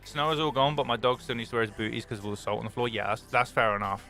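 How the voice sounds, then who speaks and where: A young British man chatting casually on a stream, excitable and swearing freely, swinging between loud enthusiasm and mock gloom. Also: medium pitch, rapid-fire, soft background music.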